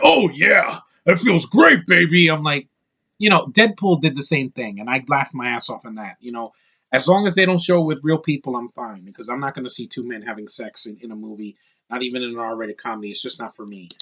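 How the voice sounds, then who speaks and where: A man's voice: mid-range voice, a bit bright. A man giving a casual, rambling movie review to camera, opinionated and full of fillers and restarts. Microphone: camera mic, close to camera.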